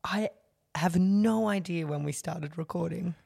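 A woman co-hosting a podcast in casual chat, animated and joking, often laughing. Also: on the low side, unhurried, gravelly, breathy edge, no room sound, clean studio sound. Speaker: podcast co-host.

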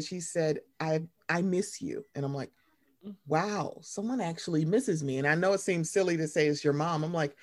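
A young woman co-hosting a podcast in casual chat. She rambles, reads a story aloud, and does high-pitched impressions of her mother. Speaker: podcast co-host.

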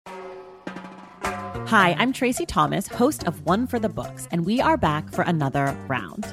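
A woman podcast host with a lowish, lively voice gives a friendly, upbeat promo read. Clear music plays underneath her. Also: slow pace. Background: music bed.

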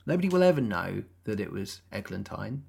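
A woman's voice: very deep voice, big pitch swings, fairly quick, vocal fry, a little mellow, slightly rough. A woman co-hosting a podcast, chatting casually about a film with sarcastic asides. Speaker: podcast co-host.

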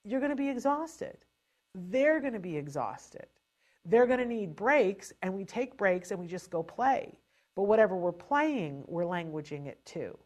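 Chatty, animated woman with a lowish voice. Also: unhurried. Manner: animated and chatty, with frequent restarts. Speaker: advisor to parents on child language delay. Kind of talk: casual spoken advice.

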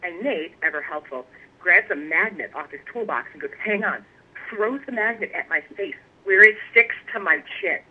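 A woman guest telling stories in a casual interview, animated and laughing often. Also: on the low side, moderate pace, husky. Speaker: guest, pipe maker. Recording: tinny phone line.

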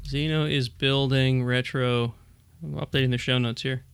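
A man's voice: medium pitch, fairly even intonation, moderate pace, gravelly, clear, resonant tone, dry recording. A man hosting a podcast in casual chat, rambling through stories and laughing often. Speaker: podcast host.

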